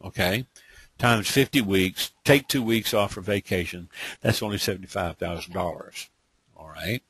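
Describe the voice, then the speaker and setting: A man's voice: low voice, moderate pace, a bit bright, breathy edge, no echo. A man giving a live webinar training, blunt and emphatic, speaking in bursts and checking in with frequent "okay?". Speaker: online business trainer.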